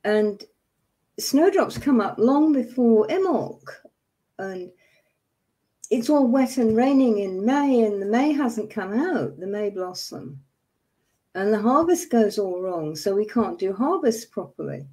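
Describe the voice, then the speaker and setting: A woman's voice: mid-range voice, lively intonation, unhurried, warm tone. A woman in her seventies hosting a livestream, talking to viewers in an angry, emphatic way and apologizing for her outbursts. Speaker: livestream host. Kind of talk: impassioned casual talk to viewers.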